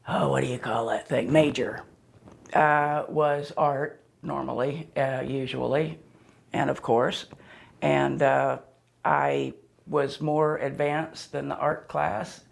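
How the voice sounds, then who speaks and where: Older woman guest in her seventies with a gravelly voice and a wry, rambling way of telling stories. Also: a bass voice, flat delivery, takes it slowly, long pauses. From born in Pennsylvania, raised in southwest Florida. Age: 70s. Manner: wry and joking, rambling with restarts. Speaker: interview guest. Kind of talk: casual storytelling.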